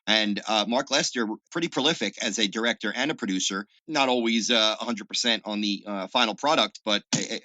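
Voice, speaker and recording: A man chatting on a podcast as a guest film critic, opinionated, with animated asides. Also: fairly low pitch, brisk, hardly any pauses, no room sound. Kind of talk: casual podcast chat.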